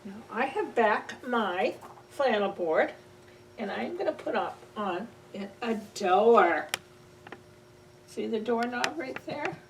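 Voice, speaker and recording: A woman reads a picture book aloud to children with a slow, playful delivery and lots of animal sounds. Her voice is on the higher side and swings widely in pitch. She sounds a little far from the mic, with faint ambient noise in the room. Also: animated, creaky. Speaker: children's librarian. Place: library.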